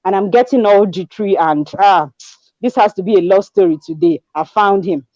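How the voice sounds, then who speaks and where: Twenties, Nigerian accent, mellow tone, expressive storyteller who slips into pidgin, dry close recording. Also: female voice, mid-range voice, normal speed, no echo, dull audio. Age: 20s. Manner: animated storyteller, acts out dialogue, mixes in pidgin. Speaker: guest. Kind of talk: conversational testimony.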